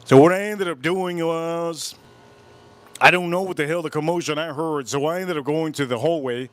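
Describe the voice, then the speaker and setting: A man's voice: on the high side, normal speed, no echo. A man hosting a live stream, telling a ghost story casually, repeating himself and stopping to mention his goosebumps. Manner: animated, repetitive, keeps breaking off about goosebumps. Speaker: whiskey channel host.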